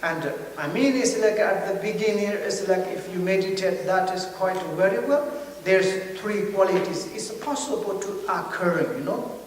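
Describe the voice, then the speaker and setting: A man giving a Buddhist teaching in halting English, often pausing to search for words. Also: high voice. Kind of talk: dharma teaching. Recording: very echoey hall, mic far off, faint noise.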